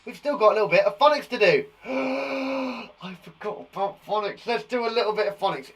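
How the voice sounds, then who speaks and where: A man's voice: high-pitched, fast, low-quality recording. A man teaching a live online lesson to young children, enthusiastic and encouraging as he praises their work. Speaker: primary school teacher. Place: garden shed.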